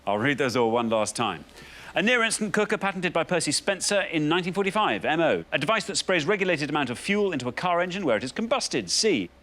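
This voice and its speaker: Lively, bright-voiced quiz show host. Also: male voice, on the high side, quick pace. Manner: playful, reads clues aloud. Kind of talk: television quiz hosting. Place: TV studio.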